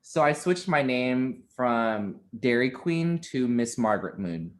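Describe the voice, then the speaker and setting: Young man, podcast guest, casual chat, lively storytelling, ordinary pitch, laughs often. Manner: animated storyteller, quick to laugh.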